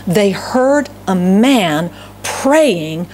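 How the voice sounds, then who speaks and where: Woman, Southern US accent, pastor, sermon, storytelling, middle pitch. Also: expressive, very slow, a little mellow, a little hiss or hum. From Southern United States. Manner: storytelling, repeats phrases for emphasis.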